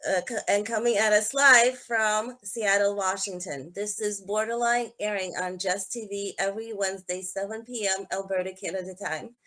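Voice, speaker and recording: A woman's voice: medium pitch, fairly even intonation, normal speed, few pauses, fairly bright tone. A woman hosting a live-streamed talk show, telling personal stories in an earnest, conversational way. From Georgia. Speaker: host. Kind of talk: live-stream podcast chat.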